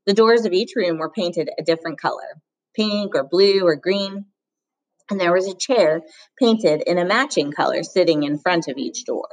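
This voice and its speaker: A woman with a fairly low voice reading a children's novel aloud. Her audiobook narration is measured and steady. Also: poor audio. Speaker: reader.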